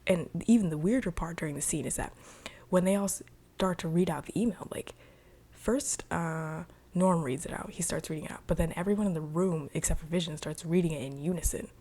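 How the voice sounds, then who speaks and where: A woman's voice: on the low side, brisk, mellow. A young woman casually recapping a TV episode in a chatty, rambling way, full of "like.". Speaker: video reviewer.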